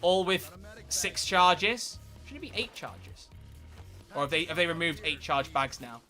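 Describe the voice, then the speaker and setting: A man giving live, excitable gameplay commentary as a streamer, swearing and bursting into shouts. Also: fairly high pitch, measured pace, faint music behind. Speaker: game streamer.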